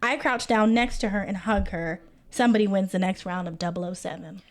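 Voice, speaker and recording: A young woman co-hosting a casual book-club talk show, retelling scenes with lively acted-out quotes. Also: brisk. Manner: animated storytelling, acts out quotes in a higher voice. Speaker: podcast co-host.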